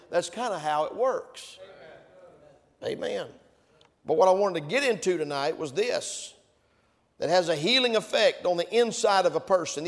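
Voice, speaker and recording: A man's voice: a little high, big-room sound. A male pastor preaching a sermon to his congregation, emphatic and building to fervent peaks. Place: church sanctuary.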